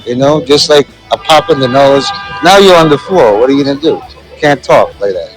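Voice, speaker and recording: A man's voice: medium pitch, lively intonation, a little fast, soft background music, poor audio. A man vlogging on a city plaza outdoors, rambling and joking into a handheld phone. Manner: rambling and joking, many fillers. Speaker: street vlogger. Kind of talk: casual walking commentary.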